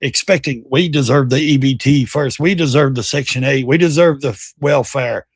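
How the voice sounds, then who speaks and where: A man's voice: mid-range voice, normal speed, breathy edge, no echo, clean studio sound. A man hosting a livestream, giving heated political commentary in a blunt, profane rant. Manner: mocks by quoting others in put-on voices. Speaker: livestream host.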